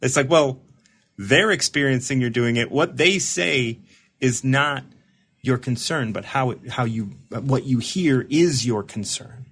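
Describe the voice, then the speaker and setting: A man's voice: mid-range voice, a little slow, fairly bright tone, slightly rough. A man serving as host and recovery mentor, explaining ideas to a caller in casual talk, often repeating and restarting words.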